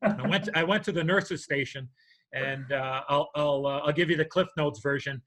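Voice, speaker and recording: Older male co-host, bright and slightly high voice, animated storyteller. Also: moderate pace, rough recording. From United States. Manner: animated, acts out voices in his anecdote. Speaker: podcast co-host. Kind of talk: storytelling in casual chat.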